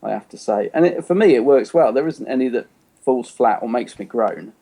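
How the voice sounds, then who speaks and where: A man's voice: mid-range voice, animated, brisk, dark tone, husky. A man co-hosting a podcast, chatting casually about an episode, rambling with lots of "you know" and restarts. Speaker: podcast co-host. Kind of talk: casual chat reviewing an episode.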